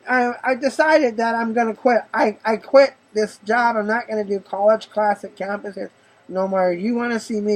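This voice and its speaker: A man's voice: sits high, low-quality recording. A man hosting a show, mixing jokey commentary with Bible reading, playful and laughing often. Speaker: host.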